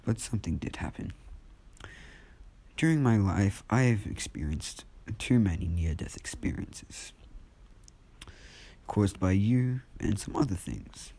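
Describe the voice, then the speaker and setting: A man playing a calm young hero with a low, dark, husky voice, half-whispering as he unveils something menacing. He speaks slowly and quietly, in a homemade fan storytelling style. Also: heavily acted.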